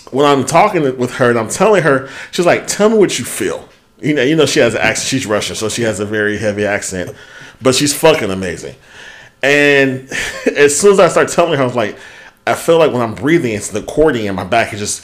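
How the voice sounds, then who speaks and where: A man co-hosting a podcast, telling a story in casual chat, animated and swearing freely as he goes. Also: medium pitch, fairly quick. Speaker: podcast co-host.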